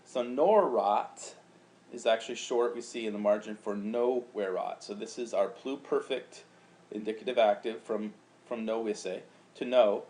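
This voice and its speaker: A man's voice: on the low side, fairly even intonation, moderate pace, darkish tone. A man teaching, explaining grammar patiently and chanting out rhythms syllable by syllable. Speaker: Latin teacher. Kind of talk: recorded lecture.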